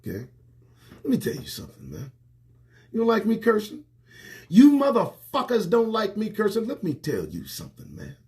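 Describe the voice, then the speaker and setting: A man hosting his own livestream show, ranting to camera with lots of swearing, jumping between loud outbursts and muttered asides, recorded indoors on a small home set. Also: sits high, huge pitch swings, normal speed, long pauses. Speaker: host. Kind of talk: profane political rant to camera. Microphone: phone or webcam livestream.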